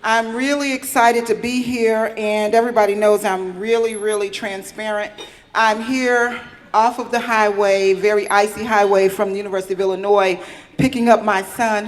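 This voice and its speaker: A woman's voice: mid-range voice, steady tone, moderate pace, a little hiss or hum. Chatty woman giving an acceptance speech. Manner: candid, chatty, with fillers. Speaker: award recipient.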